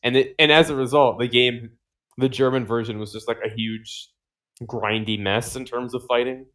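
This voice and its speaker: A man chatting casually on a podcast in a middle-pitched voice. He rambles, drops lots of "like" and "um" and swears freely, breaking into laughs along the way. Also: steady tone, normal speed, fairly bright tone. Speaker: podcast co-host.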